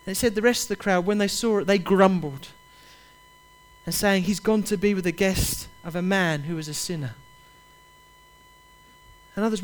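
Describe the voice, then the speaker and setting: A man's voice: sits high, moderate pace, long pauses. A man preaching a sermon, urging his listeners directly and repeating his key phrases with passion. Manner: impassioned, repetitive, urges listeners directly.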